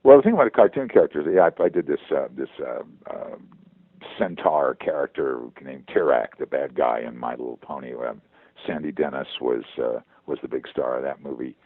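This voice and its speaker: A veteran voice actor talking in a phone interview, halting and repeating words as he goes. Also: a bass voice, no room sound. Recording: tinny phone line.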